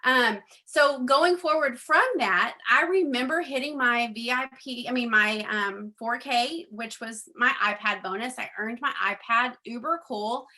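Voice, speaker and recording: A woman's voice: on the high side, a little slow, few pauses, sharp tone. A middle-aged woman giving a chatty personal testimony to a group, acting out quoted conversations, with frequent ums. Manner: chatty storyteller, acts out quoted dialogue; frequent ums, addresses audience as guys. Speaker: network marketing speaker.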